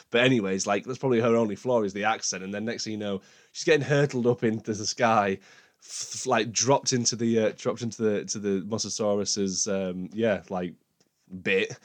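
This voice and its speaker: A young man with a low voice rambles casually through a film discussion as a podcast host. He keeps restarting his sentences in a loose, chatty way. The recording is dry and close. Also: no echo.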